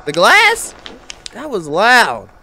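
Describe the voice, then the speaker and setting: A man's voice: sits high, huge pitch swings, slow pace, a little hiss or hum. A man commenting nervously while playing a horror game, reacting with jumpy outbursts over the game's music. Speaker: gaming YouTuber. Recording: loud game music behind.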